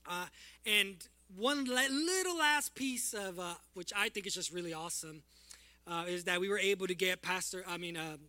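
A man in a church giving a heartfelt, halting tribute to his pastor, close to tears. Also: high voice, sharp tone. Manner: heartfelt, tearful, halting with fillers. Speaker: church leader presenting an award. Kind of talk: emotional church tribute speech. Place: church sanctuary.

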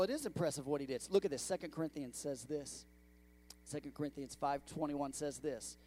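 A fairly high-voiced man preaching in a church, his delivery lively and swinging from hushed asides to loud exclamations. He keeps calling out to the congregation as he goes. Now and then he drifts a little away from the mic. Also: a little hiss or hum. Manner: animated preaching with audience call-outs. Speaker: pastor. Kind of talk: sermon. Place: church sanctuary.

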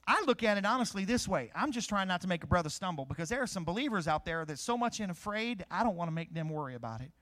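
A man's voice: sits high, animated, fast, few pauses, fairly bright tone. A middle-aged man preaching a sermon, asking questions and answering them himself.

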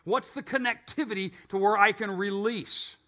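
A man's voice: high-pitched, fairly even intonation, moderate pace, bright, forceful tone. An older man preaching a conversational sermon as pastor, often asking and answering his own questions.

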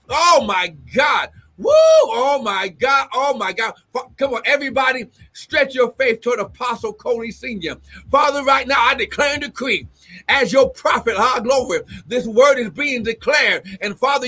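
A man ministering as a prophet in a live-streamed service, fervent, breaking into shouts and tongues with constant exclamations of "glory". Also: very high-pitched, breathy edge.

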